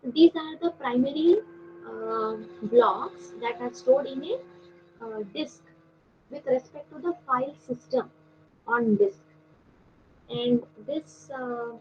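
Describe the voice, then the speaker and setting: High-voiced woman lecturing over a call. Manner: explanatory, with frequent pauses and fillers. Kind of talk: online lecture. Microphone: video call. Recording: dull lo-fi call audio with faint noise.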